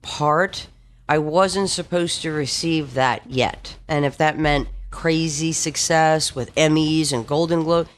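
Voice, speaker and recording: Chatty woman telling animated stories. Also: deep voice, slow pace. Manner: animated storyteller, laughs often. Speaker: guest actress. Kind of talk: casual chat.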